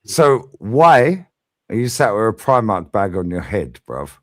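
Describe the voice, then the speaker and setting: A man's voice: lowish voice, very animated, unhurried, a bit bright, no echo. A man hosting a heated live fan stream, bantering, swearing and laughing often. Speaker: livestream host. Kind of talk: heated livestream fan debate.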